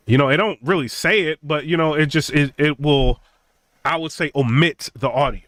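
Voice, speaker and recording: A young man tells an animated story in a high, bright voice that keeps asking "right?" and "you know?". He talks casually with lots of fillers, and the sound is dry and close. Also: normal speed, no echo. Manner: acts out quotes of others in a raised, mocking pitch. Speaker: tech channel host.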